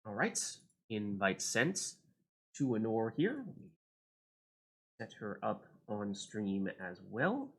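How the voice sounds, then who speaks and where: A man's voice: fairly low pitch, huge pitch swings, takes it slowly. A man hosting a community game livestream, casting matches and chatting with players in an upbeat, friendly way. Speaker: stream host and caster. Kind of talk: casual livestream commentary.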